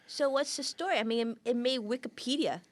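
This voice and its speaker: A woman's voice: on the high side, a little fast. A woman hosting a podcast interview, curious and playful, laughing along with her guest. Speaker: podcast host. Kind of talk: casual interview.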